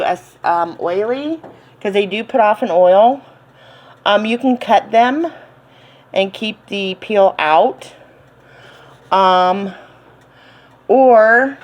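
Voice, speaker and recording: A woman's voice: mid-range voice, a little hiss or hum, poor audio. A woman with a Southern accent chatting casually in her home kitchen, rambling with lots of ums and little laughs. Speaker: home cooking channel host.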